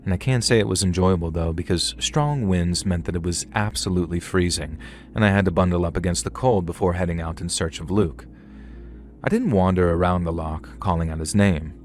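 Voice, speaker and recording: Deep-voiced man narrating a horror story. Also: brisk, darkish tone. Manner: conversational first-person storytelling with dry humour.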